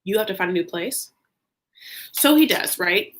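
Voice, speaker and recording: A woman talking in a casual, gossipy recap vlog, chatty and animated, packing her talk with "like.". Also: medium pitch, normal speed. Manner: chatty, heavy use of "like", animated asides. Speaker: YouTube reality-TV recapper.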